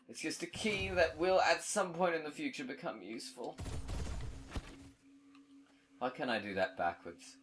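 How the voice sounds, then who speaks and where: A man's voice: fairly high pitch, normal speed, pauses often, a bit bright, slight background noise. An English man commentating his own gameplay, who swears a lot and shrieks and screams in frustration. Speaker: let's play commentator.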